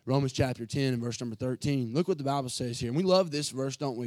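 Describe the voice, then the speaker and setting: A pastor preaching an emotional sermon from the pulpit, earnest and building to fervent passages. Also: male voice, mid-range voice, fast talker, hardly any pauses, a little mellow, dry recording.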